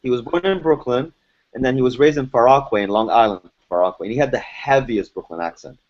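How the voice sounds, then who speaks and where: A man's voice: medium pitch, quick pace. A man with a faint foreign accent, hard to place, chatting in an interview and telling stories animatedly. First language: French or Arabic. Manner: animated storyteller, laughs often. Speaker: voice actor guest. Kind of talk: casual interview chat. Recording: dull lo-fi podcast audio.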